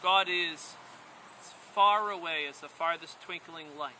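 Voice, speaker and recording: A man voicing a wise old female turtle who speaks slowly and solemnly in a storybook tale, outdoors with faint rural sound. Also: a little high, bright, forceful tone, slight background noise, rough recording.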